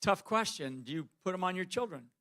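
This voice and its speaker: A man's voice: high-pitched, lively intonation, a little fast, pushed and bright. A man chatting onstage with a guest in an earnest, rambling way, full of restarts. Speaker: speaker questioning a guest.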